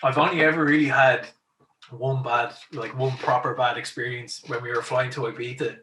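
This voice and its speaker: A man's voice: mid-range voice, steady tone, moderate pace, bright, forceful tone, a little hiss or hum. An Irish man hosting a podcast, telling stories in a chatty way and laughing often as he acts out quotes. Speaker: podcast host. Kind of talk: casual chat, telling stories. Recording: echoey room, mic at a distance.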